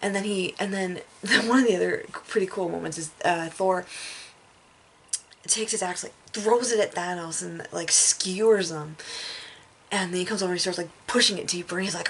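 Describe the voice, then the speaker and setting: A woman vlogger talks through a film in a loose, casual ramble. Her voice sits fairly low with a gravelly edge, and she laughs often and breaks into sudden excited outbursts. A faint hiss of background noise runs under her. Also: moderate pace. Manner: animated, laughs often, acts out lines in bursts.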